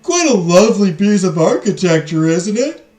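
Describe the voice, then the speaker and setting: Man doing a booming pompous French gentleman. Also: sing-song. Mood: boastful. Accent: put-on French. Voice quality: booming, boastful, drawn-out. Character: pompous loud rich male French patron. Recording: roomy echo, faint music.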